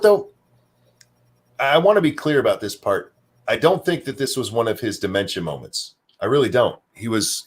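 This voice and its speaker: A man's voice: mid-range voice, a bit bright. A man hosting a casual livestream talk show, ranting with sarcastic commentary. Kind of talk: casual chat.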